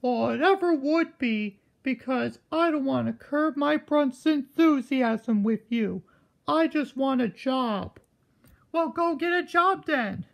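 A woman with a high, animated, creaky voice speaks slowly as she improvises a rambling skit with stuffed animals. She switches between the characters she voices and chuckles along the way.

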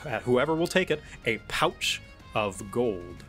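A man running a tabletop session as game master, talking at a middle pitch in an easygoing, rambling way. He trips through fillers as he describes the scene, with soft music playing behind. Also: sing-song. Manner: casual, halting with fillers.

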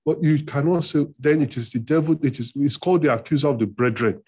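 Husky guy preaching, fairly high voice, gets loud and pushy when he drives a point home. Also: expressive, fast talker, few pauses. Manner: emphatic preaching, rising in pitch on key points, repeats phrases. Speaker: pastor. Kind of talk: sermon. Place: church hall.

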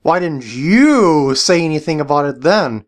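A woman's voice: low-pitched, expressive, measured pace. A woman voicing an exasperated nerdy gamer guy in a comedy skit, flustered and grudging.

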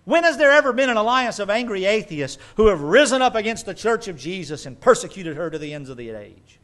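A man preaches with a fairly high voice. He drives his points hard and then drops into quick, dry asides. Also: big pitch swings, a bit bright. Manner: emphatic preaching with asides and mock quotes. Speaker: pastor. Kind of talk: sermon.

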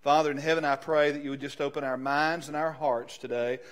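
A man, a pastor giving a sermon, building from quiet announcements to loud, slow, emphatic preaching. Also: on the high side, flat delivery.

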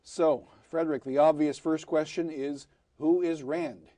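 A man hosting a cable talk show, asking his guest questions in a measured, conversational way. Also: on the high side, steady tone, warm tone, no room sound. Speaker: host.

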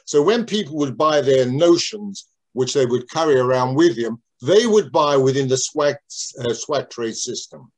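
A man's voice: medium pitch, animated, normal speed, hardly any pauses. An older man reminiscing in an interview about how he started in business, talking in a rambling, digressive way with many restarts.

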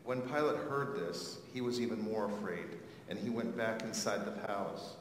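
A man with a lowish voice reads scripture clearly and expressively. His reading sounds out in a very echoey church with a long reverb and a faint hum. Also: normal speed. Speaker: scripture reader.

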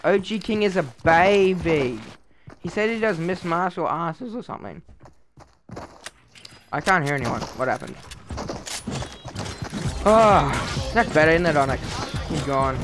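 A man's voice: a little high, animated, a little slow, pauses often, music in the background. A male streamer trash-talking players during a live game stream, mocking and sarcastic.

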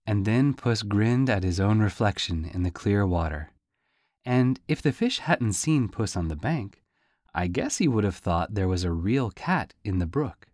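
Lively low-voiced man reading a storybook. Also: a little slow, no echo, clean studio sound. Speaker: audiobook reader. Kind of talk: storybook narration.

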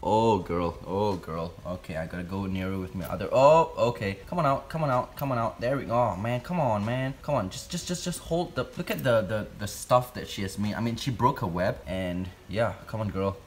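Jumpy, excitable man talking to his spider. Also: lowish voice, brisk, hardly any pauses. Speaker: tarantula keeper vlogger. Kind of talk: casual vlog narration. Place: room at home. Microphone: phone camera.

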